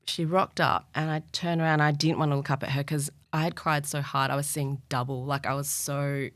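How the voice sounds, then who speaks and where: As a guest on a candid podcast, a woman with a low voice tells personal stories at a slightly quick pace, with no room sound in the recording. She laughs a lot and performs what people said, bringing her anecdotes to life.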